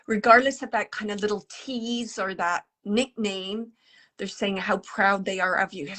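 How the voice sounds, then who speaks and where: A woman giving live mediumship readings to an audience, speaking gently and haltingly, often dropping to a whisper. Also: medium pitch. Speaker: psychic medium.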